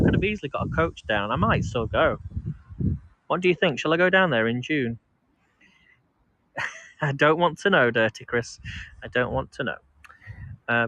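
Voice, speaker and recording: A man's voice: medium pitch, bright, forceful tone, dry recording. A man chatting casually to a live-stream audience as he walks outdoors in a park, rambling with restarts and laughs. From England. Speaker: vlog host. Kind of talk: casual live-stream chat while walking.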